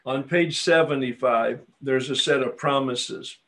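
A man facilitating a recovery workshop, teaching in an unhurried, reflective way and often affirming with a soft "yeah.". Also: medium pitch.

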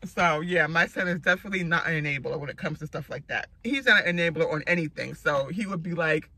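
Bright-voiced chatty woman in her forties. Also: sits low, fast talker, poor audio. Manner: chatty, rambling, laughs often. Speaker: vlogger. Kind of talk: casual chat.

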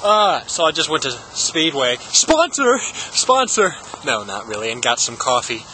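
A man's voice: medium pitch, lively intonation, moderate pace, pushed and bright, a little hiss or hum. A young man vlogging in a goofy, rambling comedic impression style, with lots of silly tangents and giggling. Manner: giggles often.

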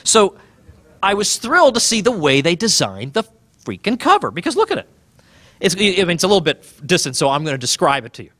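A man giving a public talk about his book, animated and sardonic, pressing his points with emphasis. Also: high voice, fairly quick, no echo. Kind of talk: public speech.

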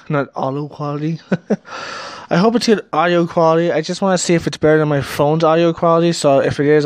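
A young man vlogging at home, rambling with lots of fillers as he tests a cheap karaoke microphone plugged into his phone. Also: fairly high pitch. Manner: rambling and self-conscious, with frequent fillers and small laughs. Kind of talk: casual vlog, testing a microphone. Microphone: cheap karaoke microphone plugged into a cell phone.

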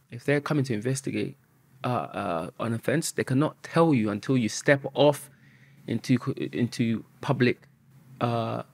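A husky-voiced man tells a story on a podcast, lively and full of swearing. The sound is dry and close, with no room around it. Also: mid-range voice, no echo. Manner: animated, swears often, acts out quotes. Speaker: podcast guest.

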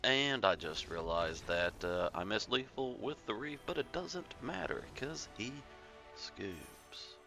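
A man in casual card-game commentary, wandering into joking asides. His voice is deep and gravelly with fry. Game music plays clearly behind him. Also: animated, takes it slowly, sharp tone. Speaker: gameplay commentator.

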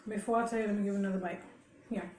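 A woman's voice: mid-range voice, steady tone, rapid-fire, a little mellow, slight background noise. A woman telling stories casually while she eats for a mukbang video, with frequent laughs. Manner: chatty storytelling with laughs and chewing sounds. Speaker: mukbang vlogger. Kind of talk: casual chat while eating. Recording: echoey room.

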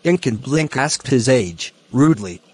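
A man teaching a poem, explaining its lines and word meanings slowly and deliberately. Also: mid-range voice, expressive, darkish tone. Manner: slow, deliberate, glossing words one by one. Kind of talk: educational explanation.

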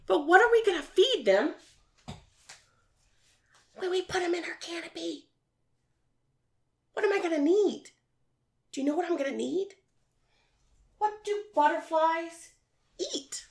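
Woman, preschool teacher, high bright voice, sing-song questions to little kids. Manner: animated sing-song teacher talk full of questions to young children. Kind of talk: virtual preschool science lesson.

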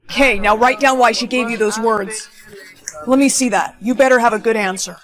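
A woman's voice: a little high, steady tone, brisk, crowd noise, lightly acted. A woman playing a controlling young boyfriend who questions his partner suspiciously, acting out a POV skit. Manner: suspicious, demanding.

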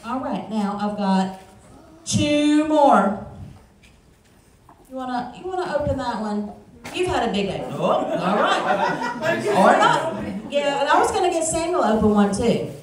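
A woman's voice: high voice, very animated, measured pace, long pauses. A woman leading a children's message in church, coaxing the kids to open presents and joining them in a short prayer. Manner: friendly, coaxing, talking to children. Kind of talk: children's sermon with props. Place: church sanctuary. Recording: echoey church sanctuary from far off.

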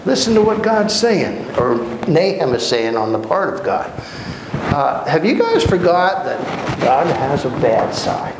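A man teaching a Bible study, telling the stories with lively acted-out dialogue. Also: high-pitched. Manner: animated storytelling, acting out dialogue in voices. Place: church hall. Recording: echoey room with background noise.

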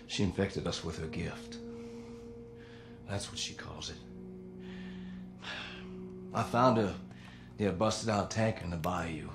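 A worn-down father in a horror game, his voice gravelly and hushed as he confides in a stranger. Game music hangs behind him. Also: low-pitched, takes it slowly, long pauses, heavily acted. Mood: weary, confiding. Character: weary middle-aged infected father, gravelly and pleading. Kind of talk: video game cutscene acting.

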